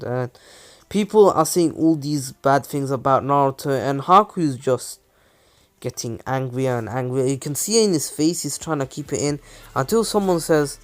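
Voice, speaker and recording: A man's voice: mid-range voice, a little slow, faint music behind. A man improvising a fan fiction story as narrator, rambling with many fillers and restarts. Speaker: channel host, storyteller.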